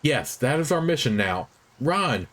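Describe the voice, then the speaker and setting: An earnest young woman scout, guarded and practical, as a man reads her lines aloud from a fantasy game. Her lines come out clipped and matter-of-fact, in an ordinary middle-pitched voice. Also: big pitch swings, unhurried, a bit bright, slight background noise. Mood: alarmed.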